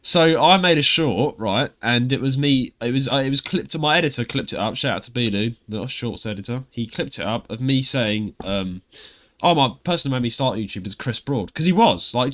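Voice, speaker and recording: A man's voice: medium pitch, animated, brisk, hardly any pauses, a bit bright. A young British man hosting a casual podcast chat, rambling and laughing often as he tells stories. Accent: British English. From Britain. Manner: chatty, rambling, laughs often, puts on voices when quoting others. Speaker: podcast host.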